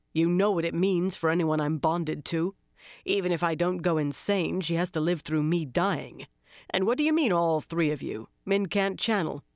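A reader voicing a weary, brooding young man who speaks flatly and gruffly, with a resigned tone, in an audiobook. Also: mid-range voice, no room sound, studio quality, close to an everyday voice. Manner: flat, growling, resigned.

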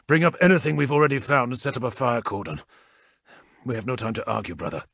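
Narrator doing a steadfast warrior captain, firm and urgent, dry close read. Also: male voice, medium pitch, very animated, quick pace, creaky, a bit bright, no room sound, heavily acted. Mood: commanding.

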